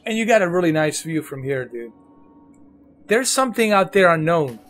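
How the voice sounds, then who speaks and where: A man's voice: fairly high pitch, big pitch swings, normal speed, a bit bright. A man with a New York accent giving casual live commentary on a game to his viewers. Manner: casual, chatty, addresses viewers. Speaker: streamer.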